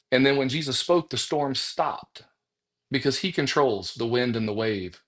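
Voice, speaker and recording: A man's voice: medium pitch, normal speed, a bit bright. A man who is a life coach and author, telling his faith story on a podcast in a preacher-like, storytelling way. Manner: preacher-like storytelling, addresses listeners as folks. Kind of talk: faith testimony in a podcast conversation.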